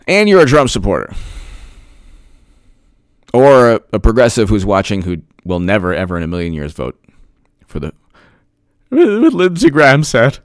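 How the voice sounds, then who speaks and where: A man giving solo political commentary, excitable and sarcastic, talking straight to the viewers and laughing at his own jokes. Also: on the low side, normal speed, pauses often, dry recording, clean studio sound.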